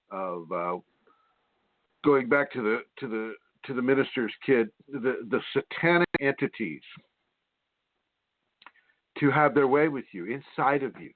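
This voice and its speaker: A man's voice: medium pitch, no echo. A man hosting a spiritual radio show, talking in a rambling, repetitive, preachy way with many fillers. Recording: tinny phone line, dry.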